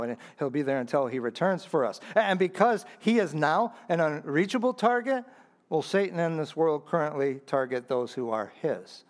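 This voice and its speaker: Impassioned pastor preaching, man. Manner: swings from low earnest asides to loud, high emphatic peaks; repeats phrases for emphasis, calls out to the congregation. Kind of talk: sermon.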